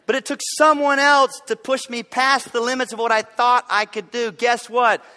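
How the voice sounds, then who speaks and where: A man in his forties preaching a sermon in a church, telling stories in an animated way with loud bursts of effort. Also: very high-pitched, moderate pace, long reverb tail. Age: 40s. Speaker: pastor. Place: church sanctuary.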